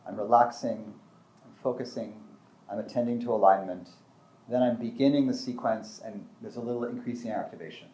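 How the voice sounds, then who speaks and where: A man's voice: lowish voice, fairly quick, mellow. A man giving a casual teaching talk, thinking aloud with frequent restarts and acting out short examples.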